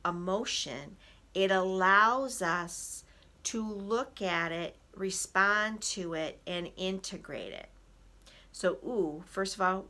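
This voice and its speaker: A woman with a bright, forward voice gives a motivational talk as an emotional wellness coach. She speaks straight to her listeners, calling them "people", and slips into animated little performances of angry inner thoughts. Her delivery is lively and coaching rather than formal. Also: mid-range voice. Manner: direct, addresses listeners as "people".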